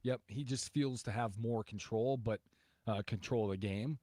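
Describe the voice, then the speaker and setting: A man's voice: lowish voice, moderate pace, warm tone, no echo, studio quality. A man hosting a sports radio show, chatting casually in an easygoing, agreeable way. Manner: easygoing, agreeable, lots of fillers.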